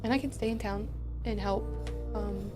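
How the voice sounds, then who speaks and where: A woman's voice: mid-range voice, fairly even intonation, normal speed, over music. A woman talking as a guest player in a tabletop game, chatty and casual.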